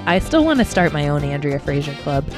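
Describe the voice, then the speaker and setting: A woman's voice: low voice, sing-song, brisk, soft background music. A woman co-hosting a podcast, chatting casually and snarkily, swearing freely. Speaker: podcast co-host. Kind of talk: casual chat.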